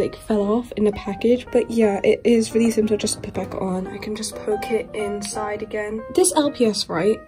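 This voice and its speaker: A young woman from the UK, chatting in a gushing, rambling way while unboxing toys, with squeals and laughs. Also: medium pitch. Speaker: toy collector vlogger. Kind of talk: excited unboxing chat.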